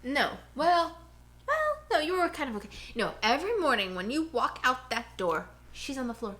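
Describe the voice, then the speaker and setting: A woman co-hosting a casual podcast at home, ranting in a rambling, animated way into a cheap headphone mic. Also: high-pitched, normal speed. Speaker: podcast co-host.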